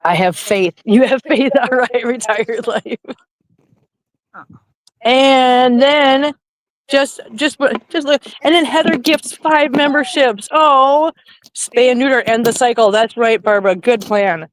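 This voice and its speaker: A woman's voice: a little high, slow pace, slight background noise, poor audio. Giggly chatty middle-aged woman livestreaming. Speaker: livestream host. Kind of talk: casual livestream chat. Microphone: handheld phone.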